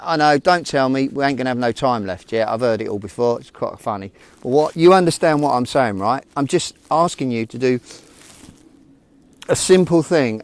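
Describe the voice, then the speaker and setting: A man talks straight to camera in a casual motivational vlog, frank and a bit rambling. His voice sits at an ordinary middle pitch, and the recording is dry with hardly any room sound. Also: a little mellow, dry recording. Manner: rambling, informal, frank, addresses viewers directly. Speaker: self-help vlogger.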